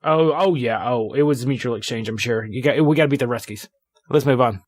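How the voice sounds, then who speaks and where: Excitable, rambling male co-host. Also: medium pitch, a little fast, dry recording. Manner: excitable, rambling, stumbling restarts. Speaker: podcast co-host. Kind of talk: casual podcast chat.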